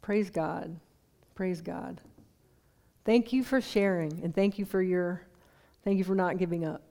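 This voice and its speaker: A woman's voice: lowish voice, unhurried, warm tone. A woman preaching a sermon in a conversational way, putting questions to the congregation.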